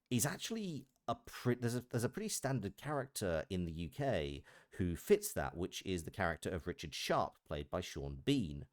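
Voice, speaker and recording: A man's voice: on the low side, very animated, moderate pace, few pauses, no room sound, clean studio sound. A man with a Merseyside accent chatting on a live stream as a voice actor, explaining his thinking in a thoughtful way. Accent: Merseyside English. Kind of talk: casual chat on a live stream.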